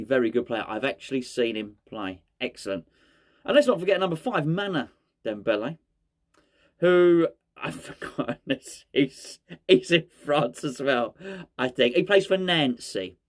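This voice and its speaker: Casting: male fan-channel host, rambling and jokey, mid-range voice. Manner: rambling, jokey, pitch jumps when excited. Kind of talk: casual football chat.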